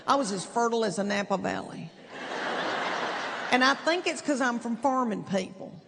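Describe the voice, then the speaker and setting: A woman's voice: a little high, moderate pace, gravelly. A middle-aged woman telling stories in stand-up comedy, folksy and self-deprecating, drawing out her punchlines. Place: theater stage. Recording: live theater with long reverb, audience laughter and noise.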